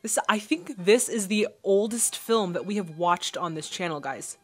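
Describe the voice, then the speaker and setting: A woman's voice: medium pitch, lively intonation, moderate pace, faint music behind. A woman hosting a casual movie reaction, chatting and thinking aloud as the film plays.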